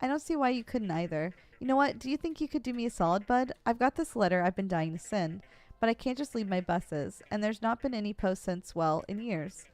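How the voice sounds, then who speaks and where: A woman's voice: mid-range voice, animated, brisk, a little mellow, no echo, lightly acted. A woman reading the lines of a friendly male bus driver in a video game, chummy and folksy.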